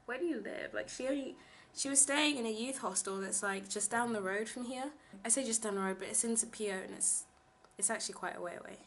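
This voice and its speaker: Indoors in her home kitchen, a young woman vlogging about teaching abroad rambles casually with plenty of fillers. She speaks briskly in a fairly high, fairly bright voice, with a little hiss or hum on the recording.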